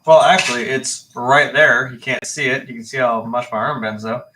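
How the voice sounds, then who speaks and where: A man's voice: medium pitch, fairly even intonation, normal speed. A man in casual chat on a livestream, rambling and laid-back, swearing now and then. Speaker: livestream co-host. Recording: roomy, distant mic with faint noise.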